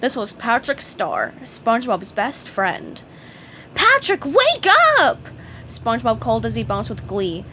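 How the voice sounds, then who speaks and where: A woman reading a storybook aloud, slow and measured. Her voice sits a little high, and a faint background hiss runs underneath. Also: poor audio. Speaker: narrator.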